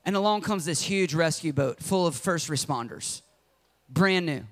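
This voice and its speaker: High-voiced passionate preacher. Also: male voice, moderate pace. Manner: passionate, swings between loud and hushed. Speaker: pastor. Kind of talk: sermon.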